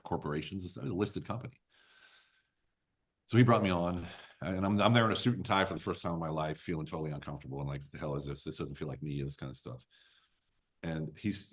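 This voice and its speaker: This very deep, slightly breathy male voice belongs to a business coach in his fifties who tells stories as a podcast guest. He's blunt and emphatic, and he swears casually.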